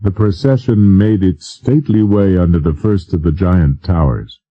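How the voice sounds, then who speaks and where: A man narrating an audiobook in a measured, formal reading style. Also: sits low, dull audio. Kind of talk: scripted narration.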